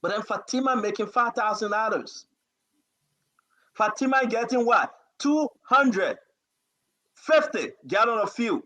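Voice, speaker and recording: A man's voice: high voice, lively intonation, a little slow, long pauses, pushed and bright. A man hosting a talk show, giving fervent political commentary full of pleading and scolding repetitions.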